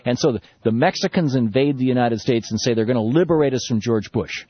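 A man hosting a political talk radio show from a studio, speaking in an animated, indignant way with many restarts. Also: medium pitch, fast, few pauses, slightly rough, no echo. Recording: dull, slightly lo-fi radio broadcast.

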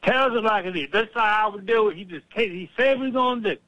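A man hosting a political talk show, worked up and profane as he rants. His voice sits somewhat high. The sound is a little dull and lo-fi, dry and close. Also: fast talker, dry recording. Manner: profane, animated, fired-up storyteller.

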